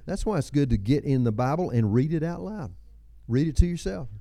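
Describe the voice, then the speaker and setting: A man's voice: a little high, lively intonation, fairly quick, creaky, mellow, no room sound, studio quality. A man in his seventies preaching a sermon, with folksy storytelling, chuckles and personal asides. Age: 70s. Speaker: pastor.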